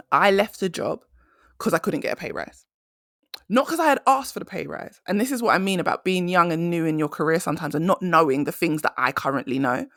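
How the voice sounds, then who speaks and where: A woman's voice: on the low side, dry recording, clean studio sound. A young adult woman hosting a solo career-coaching podcast, telling stories with emphatic conversational energy.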